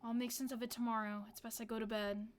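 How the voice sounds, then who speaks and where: A woman reading game dialogue in a lower, dry voice as a gruff, sharp-tongued young village woman. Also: flat delivery, fast, a little hiss or hum, natural voice. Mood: brooding. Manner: curt, dry and grumbling.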